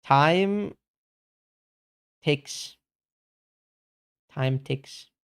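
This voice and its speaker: Slow, smooth-voiced male streamer. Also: fairly high pitch. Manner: slangy, calls everyone bro; reads and answers chat. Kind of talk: casual livestream chat.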